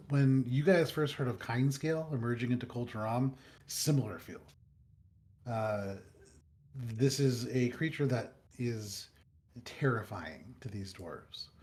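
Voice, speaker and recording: A man's voice: medium pitch, a little mellow. A man narrating a tabletop game as dungeon master, describing the scene with frequent ums and uhs. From United States.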